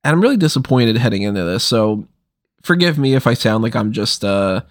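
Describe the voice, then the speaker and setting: A man hosting a podcast while feeling a little under the weather. His talk is wry and deflated, with a complaining edge. His voice sits at a middle pitch on a dry close mic with no room sound. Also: very animated, fairly quick, no echo. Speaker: podcast host. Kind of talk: casual podcast chat.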